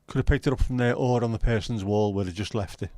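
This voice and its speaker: A man's voice: fairly low pitch, fast talker, warm tone, dry recording. A man hosting a livestream, chatting casually with his viewers in banter full of swearing. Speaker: livestream host. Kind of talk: casual chat with live viewers.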